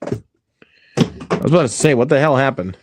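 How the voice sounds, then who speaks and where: A man's voice: medium pitch, expressive, unhurried, noisy background. A man hosting a casual online hangout, talking on a headset mic, giggling and repeating himself as he rambles. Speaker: host. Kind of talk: casual chat.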